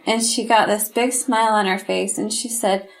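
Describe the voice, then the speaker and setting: A woman's voice: medium pitch, fairly even intonation, normal speed, vocal fry, soft background music, rough recording. A middle-aged woman, a podcast guest, telling a painful personal story in an earnest, heartfelt way. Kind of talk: candid interview storytelling.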